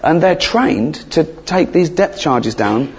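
A man doing a stand-up comedy routine, rambling and sweary, with deadpan asides that break into shrill outbursts. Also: slow pace, slightly rough. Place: theatre stage before a laughing crowd. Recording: dull live recording with loud audience.

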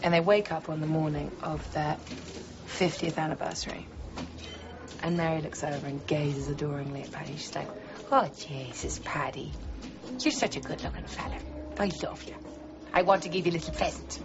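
An actress playing a playful, wry young college student in film dialogue. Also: female voice, low voice, steady tone, normal speed, noisy background. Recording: muffled film audio with music.

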